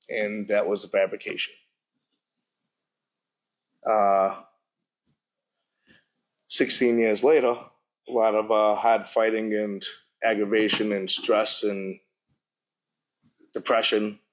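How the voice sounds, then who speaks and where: A middle-aged man telling his own story at a public forum, speaking plainly and haltingly. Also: on the low side, steady tone. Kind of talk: personal testimony at a public forum. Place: university event hall.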